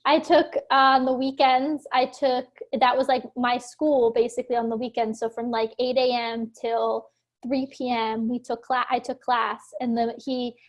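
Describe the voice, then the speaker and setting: A woman's voice: on the high side, flat delivery, normal speed. A woman from Philadelphia, an actor and producer, chatting casually in an interview with many "like" fillers and frequent laughs. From Philadelphia, USA.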